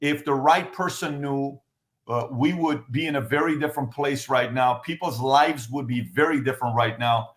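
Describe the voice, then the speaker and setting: A man's voice: mid-range voice, normal speed, a bit bright, reverberant. A man hosting a podcast, talking emphatically and firing off repeated rhetorical questions. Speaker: podcast host. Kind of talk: animated podcast commentary.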